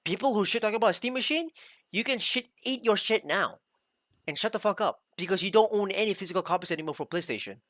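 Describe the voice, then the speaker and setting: A man's voice: high-pitched, expressive, fast, fairly bright tone, dry recording. Male streamer, heated rambling rant, swears a lot, dry recording. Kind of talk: ranting reaction commentary.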